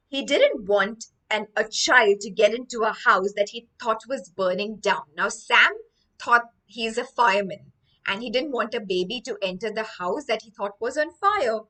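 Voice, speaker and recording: A woman from India teaches English words while she tells a story, and she repeats each new word so that students can say it after her. Her voice is bright and a little high. The mic picks her up from some distance. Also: measured pace. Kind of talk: online vocabulary lesson with storytelling.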